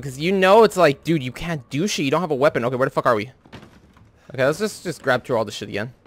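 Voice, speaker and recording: A young man talks over his gameplay in loose, profane commentary. His voice is bright and sits a bit high. He turns jumpy and yells when startled. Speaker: gamer, let's-play host.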